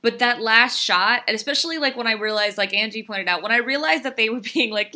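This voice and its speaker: A woman co-hosting a movie podcast, voicing sharp, emphatic criticism of a film. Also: on the high side, fast talker, few pauses. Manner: opinionated, emphatic. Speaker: podcast co-host.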